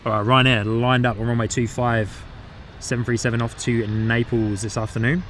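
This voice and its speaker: A plane-spotting livestream host with a New Zealand-tinged English accent commentates casually outdoors beside an airport, chatting with viewers and often repeating his own phrases. His mid-range, fairly bright voice has little pitch movement and a moderate pace, with slight background noise.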